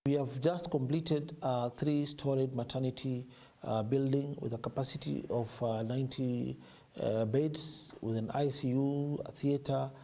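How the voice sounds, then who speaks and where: A man's voice: mid-range voice, fairly even intonation, measured pace, warm tone. A man, a hospital official, giving an interview statement with many hesitations and fillers.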